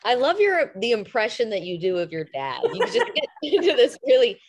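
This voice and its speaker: A woman teacher on a video call, chatting with the class in an animated, giggly way. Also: on the high side, brisk. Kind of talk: casual online class chat.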